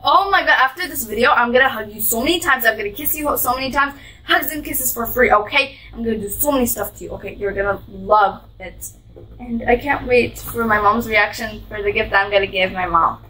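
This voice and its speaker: Female vlogger for a gift unboxing: high voice, gushing and sweet, sitting a bit back from the mic. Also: brisk, pushed and bright, recorded from a distance, poor audio. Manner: gushing, sweet, describes each item aloud.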